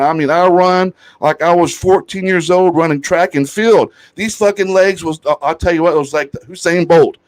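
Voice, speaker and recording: A man hosting a podcast, telling a story in a loud, profane, animated way and laughing often. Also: high-pitched. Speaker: podcast host. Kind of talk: casual storytelling chat.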